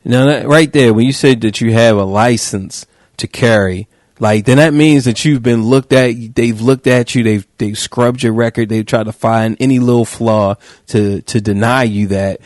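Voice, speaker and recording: A man hosting a podcast, riffing in a joking, slangy, animated way. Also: mid-range voice, moderate pace, dry recording, clean studio sound. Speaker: podcast host. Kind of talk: casual podcast chat.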